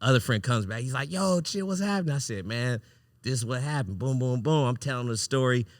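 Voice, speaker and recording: A man hosting a podcast, telling a wild personal story in a casual, animated, profane way, often breaking into laughter. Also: medium pitch, brisk, no room sound, clean studio sound. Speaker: podcast host.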